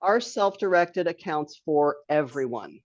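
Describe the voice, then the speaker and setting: A woman's voice: sits low, expressive, unhurried, no echo. A woman hosting a live webinar in a chatty, casual way, with laughing asides, heard over a video call. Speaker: webinar host. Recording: dull lo-fi dry online stream.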